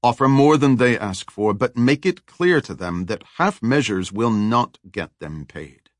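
A man's voice: mid-range voice, expressive, a little slow, no room sound, studio quality, close to an everyday voice. A man reading a ruthless female boss who gives cold, commanding orders.

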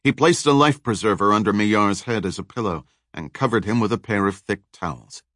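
A man narrating a thriller audiobook in a measured, dramatic storytelling manner. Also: fairly low pitch, fairly bright tone, no echo, clean studio sound.

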